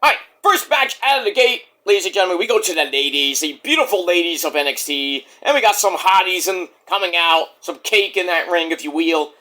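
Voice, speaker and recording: A man recapping a wrestling show in a casual vlog, excitable, rambling and profane. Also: high voice, brisk, few pauses.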